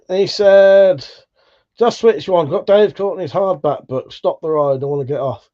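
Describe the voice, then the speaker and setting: A man's voice: sits high, a little slow, warm tone, highs cut off. A British man hosting a casual livestream, chatting and reading out viewer comments in a laid-back, swearing, chuckling way. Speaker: livestream host.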